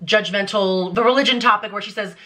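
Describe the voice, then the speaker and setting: A young adult woman talking casually on her vlog, breaking down song lyrics in an emphatic, animated way with lots of "like" fillers. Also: mid-range voice, a little fast. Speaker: vlogger analyzing song lyrics. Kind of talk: casual commentary.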